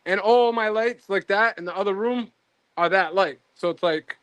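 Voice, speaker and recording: Man, stream host, casual chat, rambling, high voice, dry sound. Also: moderate pace, fairly bright tone, clear, resonant tone, no echo. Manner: rambling, trailing off mid-thought.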